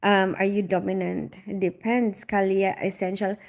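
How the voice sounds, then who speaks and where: A woman's voice: medium pitch, unhurried. Casual woman streamer, giggly and chatty, talks to her chat. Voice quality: loud on calls. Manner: chatty, giggly, reads comments aloud. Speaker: livestream host reading viewer comments.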